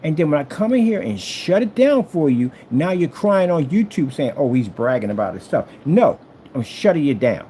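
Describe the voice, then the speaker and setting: A man's voice: normal speed, slight background noise. A man showing off his product in a vlog, taunting a rival and repeating his jabs. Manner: taunting and trash-talking, repeats phrases; animated swings between loud and low. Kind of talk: boastful product demo vlog.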